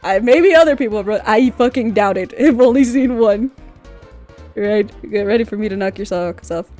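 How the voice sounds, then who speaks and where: A young woman vlogging off the cuff, rambling with frequent laughter, loud outbursts and swearing. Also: medium pitch, moderate pace, faint music behind. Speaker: youtuber. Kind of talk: unscripted ranking vlog.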